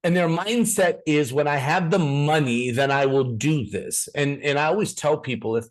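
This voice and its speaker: A man's voice: a little high, moderate pace. A man giving a live business training over a video call, speaking directly to his audience and telling stories, often repeating words as he restarts sentences. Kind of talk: live online training presentation.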